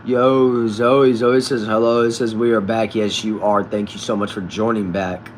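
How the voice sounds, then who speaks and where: A man casually hosting a live stream from a backyard shed, reading viewers' comments aloud and answering them in a relaxed way. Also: on the low side, moderate pace, slight background noise. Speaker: livestream host reading chat.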